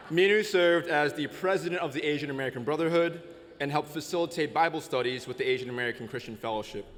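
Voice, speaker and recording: A man's voice: mid-range voice, a bit bright. Man, ceremony presenter, playful introduction, long reverb, faint ambient noise. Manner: playful, teasing. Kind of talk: formal introduction. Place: outdoor ceremony.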